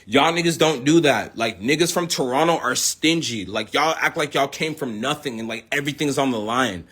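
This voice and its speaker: A man's voice: medium pitch, normal speed, a bit bright, breathy edge. A young man from the United States, a rapper, in a boastful, profane, confrontational ranting monologue.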